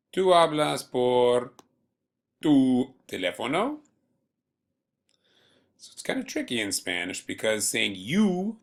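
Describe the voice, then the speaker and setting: A man teaching a beginner Spanish lesson to students at home, speaking patiently and slowly and repeating words for learners. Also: medium pitch, creaky, a bit bright. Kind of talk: recorded remote classroom lesson.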